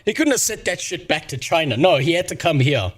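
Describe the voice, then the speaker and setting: A man's voice: on the high side, lively intonation, fairly quick. A man ranting and joking with heavy swearing, as the host of a casual livestream, over faint music. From South Africa. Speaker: streamer.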